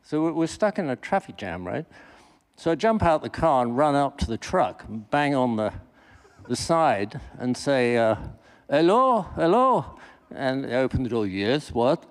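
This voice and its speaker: English man chairing a panel, lively storyteller. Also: mid-range voice, normal speed, clear, resonant tone. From England. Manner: lively storyteller, acts out quoted voices. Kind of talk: anecdote to an audience. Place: festival panel before an audience.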